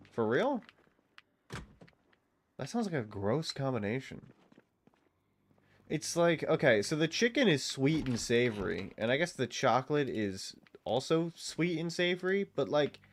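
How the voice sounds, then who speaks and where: A man streaming a game, chatting loosely and swearing often as he banters with his viewers. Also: medium pitch. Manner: loose, profane, bantering with chat. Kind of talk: casual live-stream chat while gaming.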